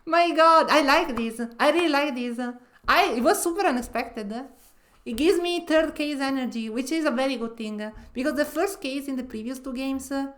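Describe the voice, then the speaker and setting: A woman streamer giving excitable, gushing live commentary while playing a game. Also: high voice, moderate pace.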